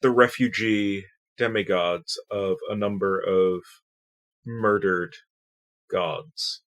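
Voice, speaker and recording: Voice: sits low, fairly even intonation, slow pace. A tabletop player speaking in a dry, matter-of-fact way. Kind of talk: casual tabletop play.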